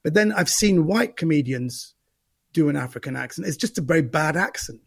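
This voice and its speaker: Gravelly comedian, husky voice. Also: male voice, a little high, animated, brisk. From Central London. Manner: thoughtful, repeats words while gathering thoughts. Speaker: stand-up comedian guest. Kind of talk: casual interview chat.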